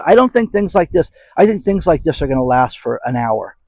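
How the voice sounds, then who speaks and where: A man's voice: high-pitched, lively intonation, a little fast, hardly any pauses, darkish tone, slight background noise, poor audio. A man hosting a casual commentary channel, rambling and sarcastic as he talks straight to his viewers. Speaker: host of an economy commentary channel.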